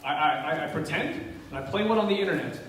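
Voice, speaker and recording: A man's voice: fairly high pitch, quick pace, a little hiss or hum. A man preaching a sermon in a church, telling stories and acting out the people in them. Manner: animated, playacts the people in his stories. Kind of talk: sermon with storytelling. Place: church hall. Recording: echoey hall, from far off.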